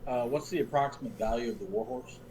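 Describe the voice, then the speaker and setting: A man playing in a tabletop game, making quick, wisecracking asides at the table. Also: mid-range voice, mellow, slight background noise, poor audio. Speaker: player. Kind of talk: joking table talk.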